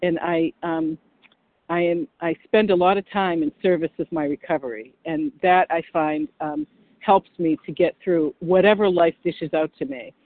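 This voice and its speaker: An older woman giving an earnest, halting personal share at a recovery meeting on a phone line, often restarting her sentences. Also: lowish voice, steady tone. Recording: dry tinny phone line.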